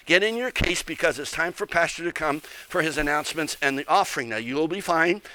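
A man's voice: on the high side, animated, brisk, sharp tone, no echo. A man performing a ventriloquist routine in church, playing the patient straight man to his dummy.

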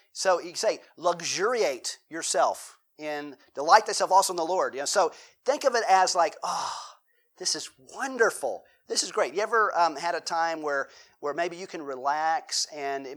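A male pastor delivering a sermon in a relaxed, conversational manner. His voice sits a little high for a man, and he breaks up the preaching with joking asides. He keeps turning to the congregation with questions.

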